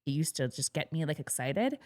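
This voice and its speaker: A woman's voice: low voice, big pitch swings, a little fast, a little mellow, no room sound, studio quality. A woman in her thirties co-hosting a podcast, chatting casually and giggling often as she rambles. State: pregnant. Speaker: podcast co-host. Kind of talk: casual chat.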